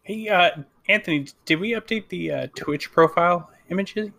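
Gravelly-voiced podcast co-host. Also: male voice, high-pitched, moderate pace. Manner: relaxed, easygoing, laughs along. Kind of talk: casual gaming podcast chat.

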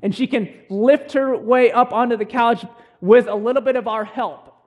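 High-voiced young male pastor preaching. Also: fairly even intonation, darkish tone. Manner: earnest, conversational preaching with many pauses and restarts. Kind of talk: sermon.

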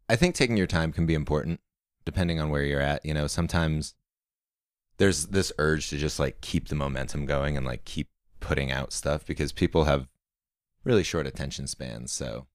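Young male band guest, very deep voice, relaxed interview answers. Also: moderate pace, no echo, studio quality. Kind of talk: casual interview chat.

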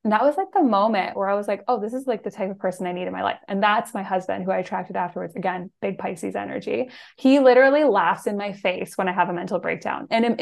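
A woman hosting a podcast, an animated storyteller who talks quickly and laughs often. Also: mid-range voice, gravelly. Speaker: podcast host. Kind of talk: casual podcast conversation.

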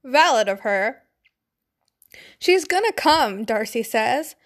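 High-voiced young woman reading aloud. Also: lively intonation, takes it slowly. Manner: giggly, swears, chatty tangents. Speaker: fanfiction reader. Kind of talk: casual reading aloud with asides.

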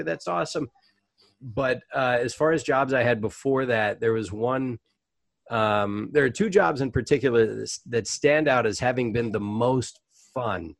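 A man's voice: on the low side, no room sound. Chatty middle-aged man telling stories. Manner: animated, chatty anecdotes with frequent fillers. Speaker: voice actor and comedian, guest. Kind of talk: casual interview storytelling.

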